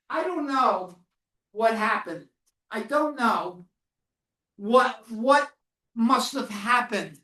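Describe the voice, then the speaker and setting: Speaking to students in a classroom or lecture hall, a woman who teaches about the Holocaust tells her own survival story slowly and solemnly, often putting questions to the audience. Her voice is high and a bit bright, picked up by a distant mic in an echoey room.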